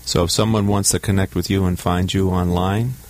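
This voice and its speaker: A man hosting a radio talk show who talks quickly and jokes with his guest. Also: low-pitched, fairly even intonation. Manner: quick, joking. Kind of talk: radio interview.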